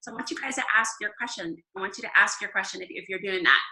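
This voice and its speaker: A woman leading a casual Bible study talk, chatty and upbeat, laughing often and filling pauses with "um.". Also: medium pitch, pushed and bright, roomy sound, poor audio.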